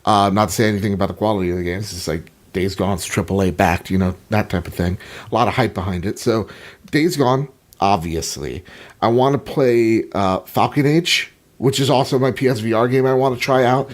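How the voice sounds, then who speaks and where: A man co-hosting a casual gaming podcast, talking in an excited, slangy, playful way. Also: fairly low pitch, fairly quick. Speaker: podcast co-host.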